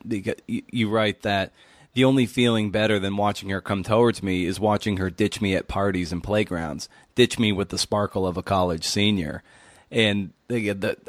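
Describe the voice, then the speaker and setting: Male podcast host, low pitch, dry booth sound, careful and reflective questioning. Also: no echo. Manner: measured, thoughtful questions with hesitations. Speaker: interviewer. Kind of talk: podcast interview.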